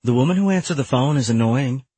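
A man voicing a demanding ex-wife with a strong Southern US accent, pushy and dismissive in a husky voice. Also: medium pitch, lively intonation, fast talker, mellow, no room sound, pitched above the performer's own voice. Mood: curt.

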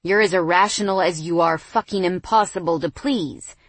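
A woman reading an audiobook, voicing a brooding, angry young man with a gravelly, bitter delivery. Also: a little slow, no room sound. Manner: bitter, low and clipped. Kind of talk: audiobook narration.

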